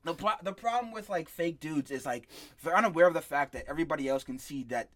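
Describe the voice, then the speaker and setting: A man's voice: a little high, animated, fast, a bit bright. A young man co-hosting a podcast in casual chat, rambling, sarcastic and swearing freely. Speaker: podcast co-host.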